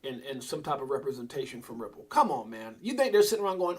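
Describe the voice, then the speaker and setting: A middle-aged man hosting a casual crypto livestream, rambling and breaking into loud excited bursts. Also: mid-range voice, fast talker.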